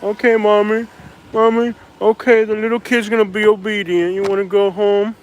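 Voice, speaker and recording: A man's voice: high-pitched, flat delivery, moderate pace, muffled recording, pitched above the performer's own voice, lightly acted. A man putting on the voice of an obedient five-year-old child, whiny and submissive. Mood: mock obedient.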